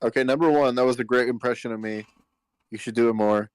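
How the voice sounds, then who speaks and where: A man's voice: mid-range voice, steady tone, fast talker, smooth, no echo, rough recording. Dry-sounding man joking on stream. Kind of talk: casual chat.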